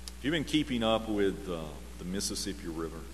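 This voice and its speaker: A man's voice: lowish voice, lively intonation, fairly quick, a little hiss or hum. Man preaching in a reverberant hall. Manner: swings from loud emphatic reading to hushed near-whisper. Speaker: pastor. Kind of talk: sermon.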